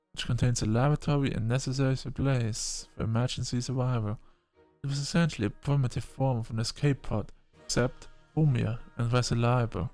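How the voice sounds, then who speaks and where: A man's voice: mid-range voice, a little mellow, natural voice. Man voicing a polite AI ship navigator. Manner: formal, polite, addresses the passenger as sir. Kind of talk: audiobook character voice.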